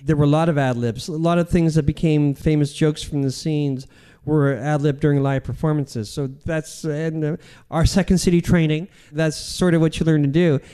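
A man's voice: a little high, fairly even intonation, moderate pace, warm tone, clear, resonant tone. A man, a comedian, rambling through self-deprecating stories in a casual interview. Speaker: comedian guest.

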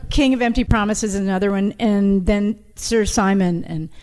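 Female interviewer; enthusiastic and halting, with a mellow voice. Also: mid-range voice. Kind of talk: interview questions.

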